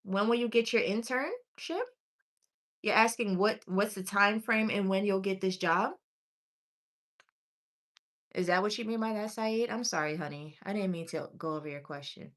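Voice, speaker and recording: A woman with a medium-pitched, slightly bright voice does live one-card tarot readings, answering chat. She scrolls and reads viewers' names and questions aloud in a loose delivery with pauses and small restarts, affectionately calling them honey and sweetie.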